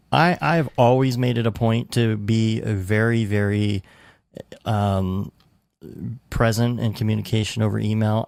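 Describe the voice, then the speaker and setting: A man's voice: on the low side, creaky, darkish tone, smooth, no room sound. A man co-hosting a podcast in casual chat, rambling with lots of fillers and restarts. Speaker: podcast co-host.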